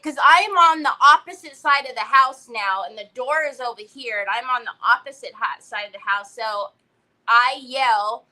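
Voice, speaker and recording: A woman's voice: sits high, moderate pace, pushed and bright, rough recording. A middle-aged woman hosting a craft livestream, chatting casually from a parked car and telling a story while greeting viewers by name.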